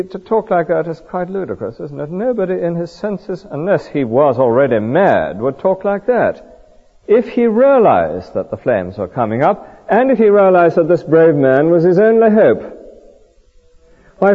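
Man, preacher, sermon, animated delivery, rhetorical questions, dull lo-fi recording. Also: a little high, normal speed, slightly rough, big-room sound. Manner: earnest, rhetorical questions, vivid storytelling.

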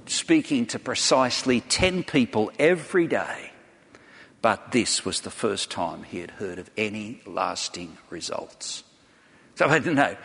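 In a church hall before a large congregation, a man preaches a sermon, earnestly telling stories and asking his listeners direct questions. His voice is fairly low, gravelly and slightly rough, with a bit of brightness, and the recording carries a long hall reverb.

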